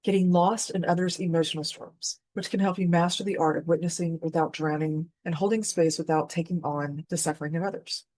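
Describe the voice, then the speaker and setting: Low-voiced woman telling earnest stories. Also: mellow, no echo. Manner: earnest, conversational, candid. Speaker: host. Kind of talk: personal storytelling and spiritual teaching.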